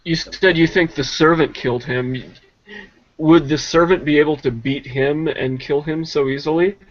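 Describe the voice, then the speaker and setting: A man at a tabletop game asks careful, probing questions. His voice sits at a middle pitch, and the recording sounds dull and lo-fi. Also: steady tone, normal speed. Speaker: player. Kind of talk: casual tabletop play.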